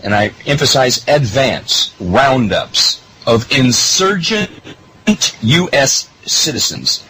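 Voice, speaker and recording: Animated man with emphatic rhetorical questions. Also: takes it slowly, a little hiss or hum, poor audio. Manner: emphatic, rhetorical questions, lively pitch swings. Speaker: political commentary host. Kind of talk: monologue to listeners.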